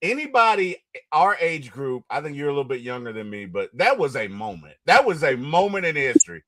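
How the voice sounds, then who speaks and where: A middle-aged man hosting a casual interview, retelling movie scenes with a lot of excitement. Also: a little high, a little fast, no echo. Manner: animated, storytelling, gets excited and loud retelling movie scenes. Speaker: interview host.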